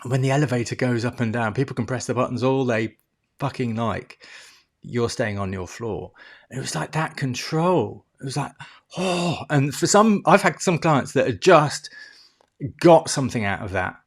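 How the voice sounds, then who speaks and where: A middle-aged man who works as a life coach talks casually to the camera in a mid-range, expressive voice at a normal speed. He restarts his sentences often and swears now and then, dropping little ding sound effects as he teaches.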